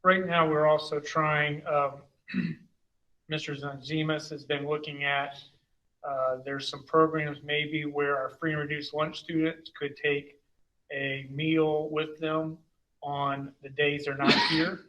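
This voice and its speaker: A man reports as superintendent at a school board meeting. He rambles in a loose, conversational way. His voice is bright and slightly high, with a flat pitch. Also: takes it slowly, highs cut off. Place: meeting room.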